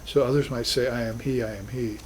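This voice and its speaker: This recorded class lecture, low in quality with a little hiss or hum, features a man teaching spiritual philosophy. He speaks fairly quickly at medium pitch with fairly even intonation, reflective and earnest, with occasional emphatic bursts.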